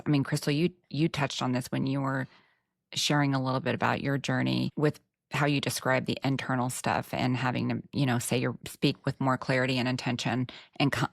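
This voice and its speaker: A woman's voice: a bass voice, vocal fry, no room sound, clean studio sound. A woman with a Texan accent hosting a podcast chat, earnest and reflective with frank asides. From Texas. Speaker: podcast host. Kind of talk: casual podcast conversation.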